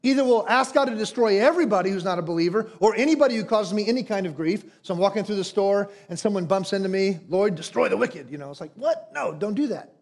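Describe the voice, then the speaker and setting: A man preaching a sermon as pastor, emphatic and animated, posing rhetorical questions and acting out quoted prayers. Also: high voice, fast, few pauses.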